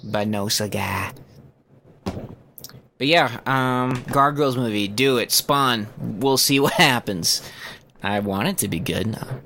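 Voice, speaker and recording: Young guy on a comics podcast, bright tense voice, lively and jokey. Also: mid-range voice, slow, long pauses, slight background noise. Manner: animated, swearing, jokey. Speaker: podcast co-host. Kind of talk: casual chat.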